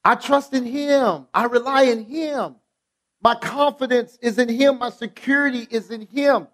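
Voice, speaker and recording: High-voiced preacher. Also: male voice, measured pace, a bit bright. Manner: emphatic, rhythmic preaching with repeated phrases and call-and-response prompts. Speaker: pastor. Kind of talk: sermon. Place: church sanctuary.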